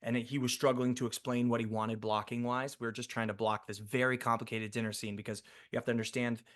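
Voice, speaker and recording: A man, an actor and podcast guest, telling a long story in a chatty, animated way full of fillers and restarts. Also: mid-range voice, fast talker. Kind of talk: casual storytelling interview.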